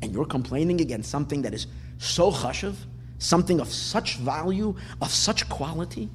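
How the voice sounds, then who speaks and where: A man teaching a Torah class in an animated way, repeating words for emphasis and asking rhetorical questions. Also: fairly high pitch, normal speed. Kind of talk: lecturing on weekly Torah portion. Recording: long hall reverb, faint background noise.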